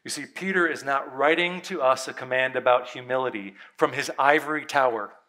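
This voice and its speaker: A man's voice: mid-range voice, a little fast, sharp tone. A male pastor preaching a sermon in an earnest, emphatic way, repeating key points for weight.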